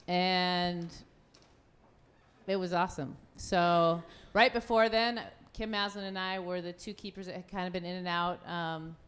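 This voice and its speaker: A woman in her fifties, a former goalkeeper, telling a lively story on a live panel, laughing often and acting out quotes. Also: on the low side, measured pace. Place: event venue.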